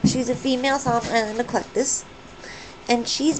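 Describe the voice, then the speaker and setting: Very high-voiced woman with a noisy home recording. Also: brisk, vocal fry. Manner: soft, doting talk to her parrot. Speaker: pet vlogger. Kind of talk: casual pet vlog.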